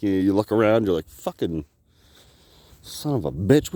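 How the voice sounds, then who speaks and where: A man's voice: lowish voice, big pitch swings, a little slow, dark tone. A man from Canada rambling and swearing in a casual vlog outdoors by the water, filming on a handheld camera, laughing often. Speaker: vlogger.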